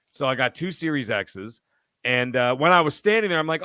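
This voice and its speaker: A man's voice: medium pitch, fairly quick, bright, forceful tone, no echo. A man co-hosting a casual podcast, telling a laid-back story with plenty of swearing. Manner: laid-back, swearing, quotes people in little voices. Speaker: podcast co-host.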